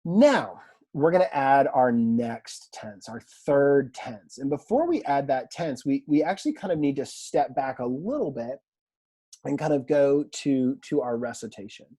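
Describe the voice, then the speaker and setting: A man teaching a language class in a relaxed lecture style, chatty and self-deprecating, often quizzing his students. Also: medium pitch, measured pace, slightly rough. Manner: conversational, self-deprecating, asks the class questions. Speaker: Greek teacher.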